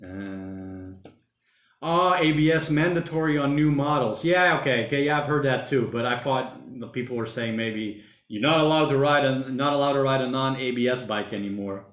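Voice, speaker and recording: A man's voice: mid-range voice, normal speed, a bit bright. Chatty man in an echoey room. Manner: rambling, chatty, uses slang like mate and bloody. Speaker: livestream host. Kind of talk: casual livestream chat reading viewer comments. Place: home during lockdown.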